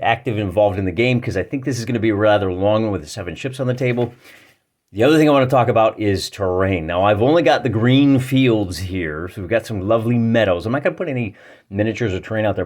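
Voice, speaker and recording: A man hosting a tabletop wargaming video, chatting casually and jokingly as he explains the rules and rolls dice at the table. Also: mid-range voice. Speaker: wargaming channel host. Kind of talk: casual tabletop game walkthrough.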